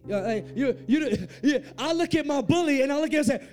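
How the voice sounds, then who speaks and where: A man preaching and telling his testimony as a story, dropping to a hush and then rising loud and animated. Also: very high-pitched, fairly quick, hardly any pauses, soft background music. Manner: swings from hushed to loud and animated. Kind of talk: sermon storytelling.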